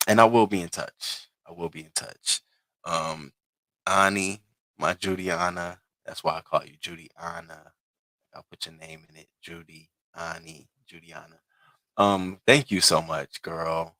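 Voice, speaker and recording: A man in his thirties chats casually on a livestream, answering viewers' comments and now and then mimicking people in a higher voice. His low voice has a bright, forceful edge and sounds dry and close. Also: no echo. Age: 30s. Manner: chatty, reads viewers' comments aloud and answers them. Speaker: livestream host.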